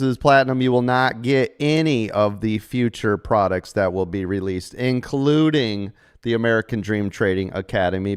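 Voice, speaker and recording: On a live trading stream, a middle-aged host speaks to members in a low-ish, clean-toned voice. His talk is chatty and salesy, laced with jokes and frequent rhetorical "right?"s.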